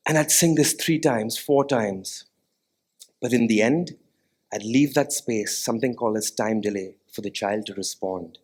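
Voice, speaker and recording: A man's voice: on the low side, unhurried. Earnest man giving a stage talk. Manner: sings short nursery melodies as demonstrations; earnest, asks the audience questions. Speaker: music therapist. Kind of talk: TEDx-style stage talk. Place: stage before a live audience.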